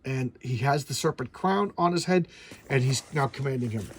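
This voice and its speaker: There's slight background noise as a middle-aged comic collector, speaking at a moderate pace with a medium-pitched voice, hosts a relaxed chat reviewing old comics. He comes across as enthusiastic and rambling, with plenty of stammering and false starts.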